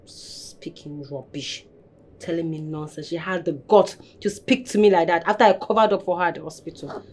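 An actress playing a young, hardworking maid, speaking with a Nigerian English accent in an indignant, grumbling way. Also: female voice, fairly low pitch, quick pace, a little mellow, natural voice. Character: young woman, a hardworking, put-upon maid. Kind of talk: Nigerian movie acting.

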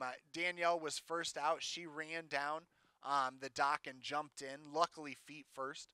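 A man's voice: mid-range voice, bright, forceful tone, clear, resonant tone, no room sound. A young man telling his own story to an audience in a candid, plainspoken way, with some fillers and restarts. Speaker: self-advocate speaker.

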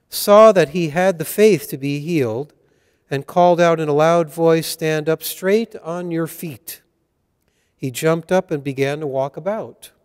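Slow, measured priest in a church. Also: male voice, fairly high pitch, a little mellow, clean tone. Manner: slow, measured liturgical delivery. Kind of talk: leading Mass and reading scripture. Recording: church hall reverb.

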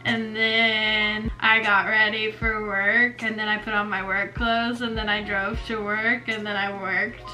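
A woman's voice: mid-range voice, little pitch movement, measured pace, few pauses, sharp tone, faint music behind, rough recording. A young woman in her twenties chatting casually on a vlog, laughing often through her words. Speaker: vlogger. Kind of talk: casual chat. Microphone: headphones on, camera mic.

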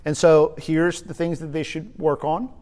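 A man giving a spoken leadership lesson, energetic and emphatic, often repeating his key points. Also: on the high side, moderate pace. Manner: energetic, emphatic, uses repetition. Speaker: leadership trainer.

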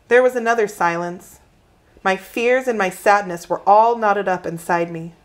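Brief: woman reading a children's chapter book aloud, calm and steady, mid-pitched. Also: moderate pace. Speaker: reader.

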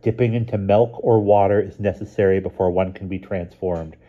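A man reading a storybook aloud, voicing an excitable young girl who rushes out urgent warnings. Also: low voice, dull audio.

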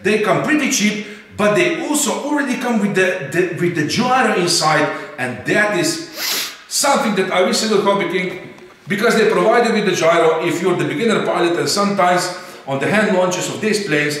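A man's voice: high voice, animated, normal speed, fairly bright tone, far from the mic. Chatty man. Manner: chatty, rambling, repeats "eh?". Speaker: RC hobby channel host. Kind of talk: casual unboxing chat. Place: indoor hangar room. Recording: echoey room, mic set back.

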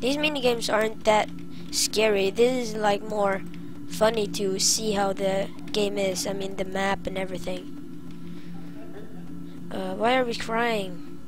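A woman's voice: medium pitch, poor audio. A woman commenting as she plays a horror game, easily startled and crying out at jump scares. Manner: jumpy, cries out at jump scares. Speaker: game player. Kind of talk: let's play commentary.

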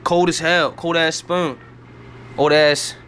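Young adult male, a bit high-pitched, hyper and rambling with heavy slang and swearing, filming himself on a handheld camera at home. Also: flat delivery, slow pace, fairly bright tone, slight background noise. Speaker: vlogger giving a home tour. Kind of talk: casual rambling home tour. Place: indoors at home.

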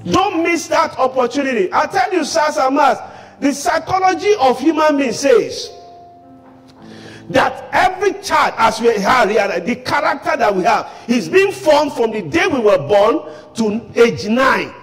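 A man who grew up in Africa, preaching as a pastor in a very high, lively voice. He swings between quiet asides and sudden shouted points, with the sound ringing through a reverberant church hall and soft music underneath. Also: measured pace. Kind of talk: sermon.

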